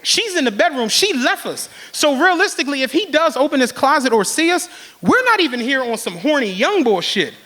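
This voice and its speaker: Guy with a really high voice telling a wild story on stage live, cursing, cracking himself up. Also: brisk. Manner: animated, profane, laughing through the story. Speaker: podcast host telling a story.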